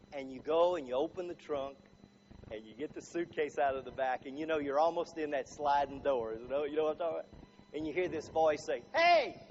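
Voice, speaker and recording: Male motivational speaker with a high voice, joking and polling a live room, dull recording with faint hiss. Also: a little mellow. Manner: chatty, quizzes the crowd with show-of-hands questions. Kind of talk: humorous live talk to an audience.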